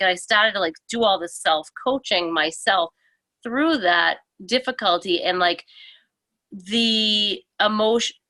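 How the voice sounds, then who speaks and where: A woman on a group video call who shares personal reflections in a thoughtful, halting way. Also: mid-range voice, sharp tone, no echo. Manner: thoughtful, halting, with many fillers. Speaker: book study participant. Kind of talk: casual reflective sharing.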